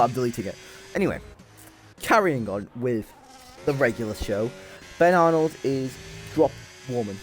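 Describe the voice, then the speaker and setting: A young man giving excitable, sweary live commentary on a sim race while bantering with his chat. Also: mid-range voice, moderate pace, pauses often, soft background music.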